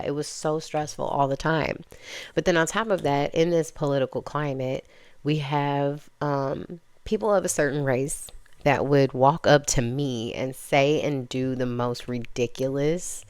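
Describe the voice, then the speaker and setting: A young woman talks openly to her viewers, and her tone stays loose, candid and conversational. Her voice sits low, with a smooth, clear tone. The sound is close and dry. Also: dry recording. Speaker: vlogger. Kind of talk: casual personal storytelling.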